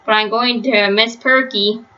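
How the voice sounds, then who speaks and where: A woman voicing an earnest, caring young boy aardvark in a read-aloud storybook, lifting her voice when he gets excited. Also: a little high, a little slow, muffled recording.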